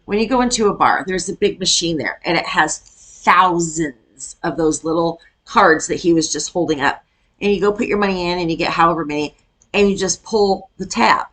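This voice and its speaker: A woman's voice: on the low side, moderate pace, fairly bright tone. A middle-aged woman from Iowa, chatting casually as she reacts to a video and rants with laughs. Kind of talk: casual chat reacting to a clip.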